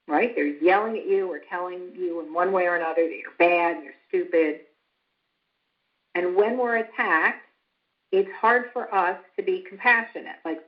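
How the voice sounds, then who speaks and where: Woman explaining step by step in a calm teaching voice, mid pitch, kinda dull lo-fi sound. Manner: calm and instructive, acts out quoted lines with rising pitch. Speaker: psychologist lecturing on family estrangement. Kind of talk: explanatory talk with acted-out example dialogue.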